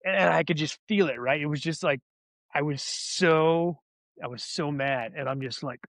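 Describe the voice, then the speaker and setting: A man's voice: a little high, moderate pace, fairly bright tone, no echo. A man telling a candid personal story in an interview, rambling and restarting his words as he goes. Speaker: guest, former soldier turned wellness advocate. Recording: dull lo-fi audio.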